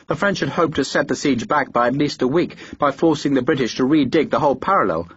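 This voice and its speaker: Husky guy reading an audiobook, measured and steady, dry dull sound. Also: medium pitch, dry recording. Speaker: audiobook narrator. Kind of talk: scripted audiobook narration.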